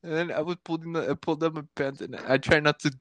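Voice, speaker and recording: A man's voice: fairly high pitch, fairly even intonation, fast, a bit bright, a little hiss or hum. A young man telling a crude story in casual chat, rambling and slangy, laughing at his own jokes.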